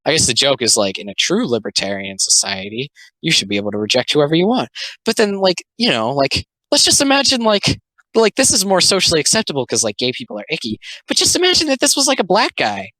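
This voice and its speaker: A man's voice: a little high, very animated, quick pace, sharp tone, no room sound, rough recording. A young man doing a casual commentary video, rambling with lots of fillers and sounding exasperated.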